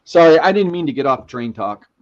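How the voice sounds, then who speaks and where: This livestream host, a middle-aged man, speaks at a fairly high pitch, expressively and at a brisk clip. Chatty and anecdotal, he works through viewer comments and spins casual stories over lo-fi stream audio.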